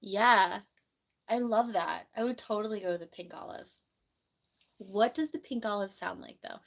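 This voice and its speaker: A young woman from New Jersey, a nurse, chatting casually on a livestream from her bedroom, rambling and reading viewer comments aloud, her voice slightly hoarse from the flu. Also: medium pitch, very animated, moderate pace. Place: bedroom at home.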